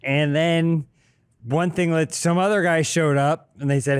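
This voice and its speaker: A man playing a tabletop game, rambling through a tale in deadpan character. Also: on the high side, unhurried, clear, resonant tone, dry recording. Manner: dry, rambling, deadpan storytelling. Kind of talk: in-character role-play.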